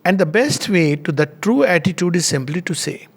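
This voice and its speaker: A man's voice: sits high, expressive, normal speed, few pauses, breathy edge. A middle-aged man giving a spiritual talk, telling anecdotes with frequent chuckles. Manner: chuckles often while telling stories. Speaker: spiritual speaker.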